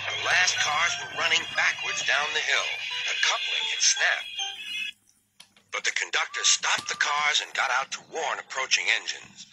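A man reads a children's train story aloud with a high, lively voice that rises and falls a lot. Music plays behind him. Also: measured pace, poor audio. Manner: lively, expressive reading. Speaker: narrator. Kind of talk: storybook narration.

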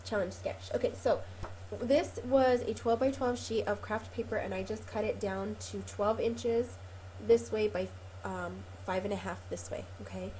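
A woman's voice: mid-range voice, steady tone, moderate pace, few pauses, mellow, slight background noise. A woman hosting a casual craft tutorial, chatty and rambling with frequent ums and self-corrections, a little sniffly from a cold. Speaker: craft video host.

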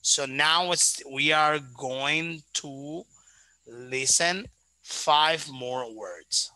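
A man's voice: a little high, bright, forceful tone, no echo, poor audio. Patient man teaching English. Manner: patient, repeats words back, explains pronunciation slowly. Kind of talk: online one-to-one lesson.

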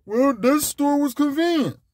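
A man putting on a high, whining voice to play a clueless, complaining adult man. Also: animated, measured pace, a little mellow, no echo, studio quality.

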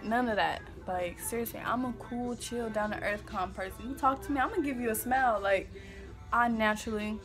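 Sassy, goofy young woman vlogging. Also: on the high side. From Kansas City, Missouri. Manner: sassy, goofy, emphatic, swears casually. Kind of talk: casual talk to camera. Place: home. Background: faint music playing.

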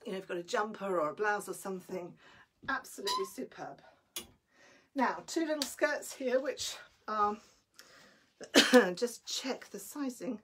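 A woman's voice: medium pitch, a little slow, long pauses, bright, forceful tone, slight background noise. A woman selling clothes on a live stream, chatty and enthusiastic, a little breathless. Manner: chatty and enthusiastic, greets viewers by name. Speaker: online clothing seller.

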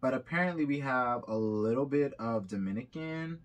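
A man's voice: medium pitch, expressive, moderate pace. Chatty young man reading results aloud. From Haitian-American. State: sick. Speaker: vlogger. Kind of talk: casual vlog reaction.

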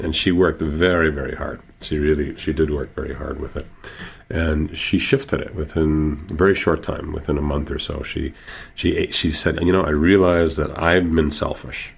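A man's voice: very deep voice, vocal fry, slightly rough. A middle-aged man telling healing stories as a guest on a radio interview, earnest and building to emphatic payoffs. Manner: acts out patients' quoted speech. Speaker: healer and guest.

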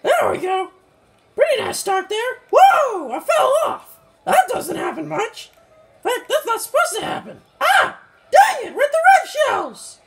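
Toad, a squeaky, swooping mushroom racer. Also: male voice, a little slow, creaky, faint music behind, exaggerated voice. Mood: excitable. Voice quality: squeaky with a slight southern twang. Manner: excitable, yelps and complains at mishaps. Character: hyper, boastful little male mushroom kart racer. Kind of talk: let's-play game commentary in character.

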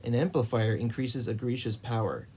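Calm steady soldier guy, read by a man, warm mellow tone. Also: medium pitch, a little hiss or hum, natural voice, rough recording. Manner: calm and measured. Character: calm, measured male soldier.

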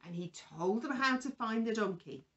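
A woman presenting a children's Bible story, gently asking a puppet questions in a sing-song way. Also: on the high side, expressive, normal speed, highs cut off.

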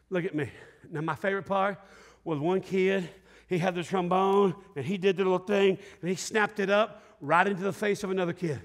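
A middle-aged man preaching a sermon, telling a story with lively shouts and laughter. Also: high-pitched, brisk. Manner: animated storyteller, acts out scenes with shouts and laughter. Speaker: pastor. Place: large church sanctuary. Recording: long hall reverb.

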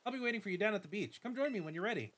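A man's voice: high voice, lively intonation, rapid-fire, a bit bright, pitched above the performer's own voice. A man voicing a bubbly, pushy young female student who loves battling, while reading game dialogue aloud. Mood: eager.

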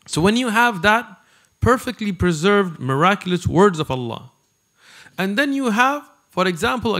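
A man preaches to a gathered audience in a fairly high voice that rises and falls with plenty of movement. He talks like he's chatting, throwing quick asides and questions to the people in front of him. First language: not Arabic. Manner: animated and conversational, with asides to the audience. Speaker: Islamic preacher. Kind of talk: lecture to a live audience.

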